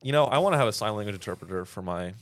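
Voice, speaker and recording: A male comedian co-hosting a podcast in casual chat, telling stories with a wry, deadpan delivery. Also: lowish voice, very fast, dry recording.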